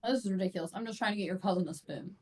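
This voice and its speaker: A woman's voice: medium pitch, rapid-fire, a little mellow. A woman playing in a tabletop game, talking bluntly and with some exasperation. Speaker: player. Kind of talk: casual chat in a tabletop game.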